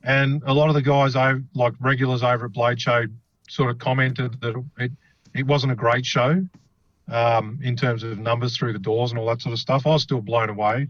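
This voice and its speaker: A man in casual podcast chat, talking in an easygoing, rambling way with plenty of enthusiasm and the odd swear. His voice sits at an ordinary middle pitch. The sound is dry and a bit muffled, like a budget mic. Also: little pitch movement, moderate pace, no room sound. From Australia. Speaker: podcast co-host.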